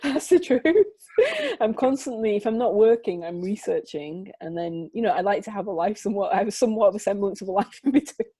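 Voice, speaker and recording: A woman, a photographer, recounting her work in an animated way over a video call, laughing often and restarting her sentences. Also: mid-range voice, fast, few pauses, breathy edge, dry recording, poor audio. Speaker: photographer, guest. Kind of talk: conversational interview storytelling. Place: home, remote conversation.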